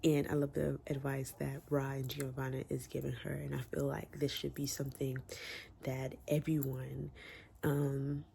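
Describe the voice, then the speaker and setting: A man's voice: mid-range voice, completely flat delivery, normal speed, creaky, dark tone, a little hiss or hum. A man giving a casual, emotional book review from home, talking candidly with slang. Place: room at home with window open.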